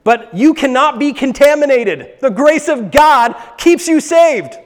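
A pastor giving an emphatic sermon, repeating words for stress, in a church. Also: male voice, very high-pitched, expressive, measured pace. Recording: long hall reverb.

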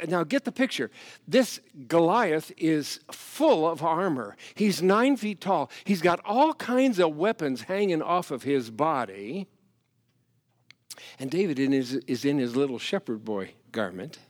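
A man preaching a sermon as pastor, animated, swinging from loud emphasis to hushed asides. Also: mid-range voice.

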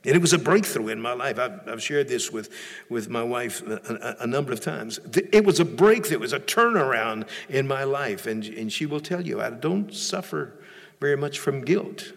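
A man's voice: mid-range voice, lively intonation, normal speed, gravelly, a bit bright, in a large hall. A male pastor preaching a sermon in a church, emphatic, often repeating and restarting phrases.

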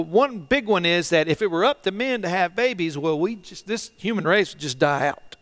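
Slow-talking earnest male pastor. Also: high-pitched. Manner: earnest, with dramatic swings between loud and hushed; halting, repeats and restarts phrases. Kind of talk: sermon. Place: church, online service.

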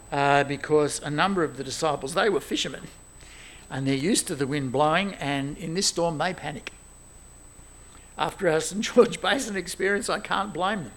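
A man preaching a sermon, animated and exclaiming, moving between loud emphasis and quiet asides. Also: fairly high pitch.

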